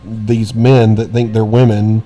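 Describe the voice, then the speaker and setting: A man's voice: lowish voice, little pitch movement, measured pace, mellow, muffled recording, faint music behind. A young man co-hosting a podcast, talking bluntly in casual, profane banter. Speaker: podcast co-host.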